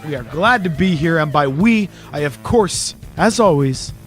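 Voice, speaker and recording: A man's voice: fairly high pitch, animated, measured pace, soft background music. A man hosting a podcast in casual chat, rambling, joking and swearing freely. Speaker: podcast host.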